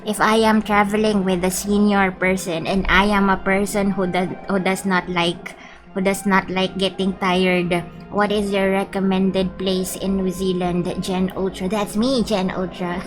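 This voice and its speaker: A woman's voice: medium pitch, fairly even intonation, a little slow, low-quality recording. A young woman from the Philippines chatting playfully and giggling with her stream viewers, reading their messages aloud. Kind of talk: casual live-stream chat with viewers. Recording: background music under the voice. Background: background music.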